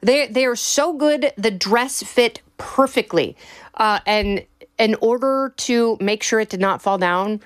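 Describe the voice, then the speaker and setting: A young adult woman telling a story in a casual, animated way, often laughing as she talks. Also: on the high side, unhurried, clean tone. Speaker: bride telling her wedding story.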